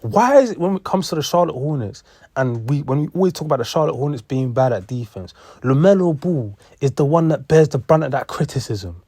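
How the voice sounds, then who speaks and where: A man's voice: on the high side, lively intonation, a little fast, dark tone, no echo. A young man, ranting in heated sports commentary, repeating himself and swearing. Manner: heated, repetitive, profane.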